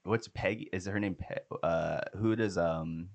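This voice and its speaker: A man's voice: sits low, measured pace, gravelly, darkish tone. A man co-hosting a casual TV review podcast, recapping in a loose, rambling way. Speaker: podcast co-host.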